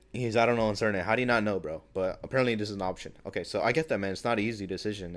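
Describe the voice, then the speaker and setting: Slangy eighteen-year-old guy venting. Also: low-pitched. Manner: casual slangy talk, says bro a lot, swears freely; acts out other people's lines in quick quoted voices. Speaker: vlogger. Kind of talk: casual venting monologue.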